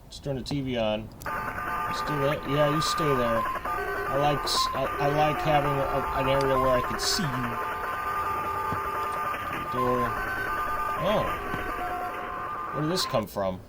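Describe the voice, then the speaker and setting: A man's voice: medium pitch, takes it slowly, pauses often. A man playing a horror game and talking through it, jittery and repeating nervous phrases while he speaks to the ghost. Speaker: horror game let's player. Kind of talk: horror game playthrough commentary. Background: loud game music.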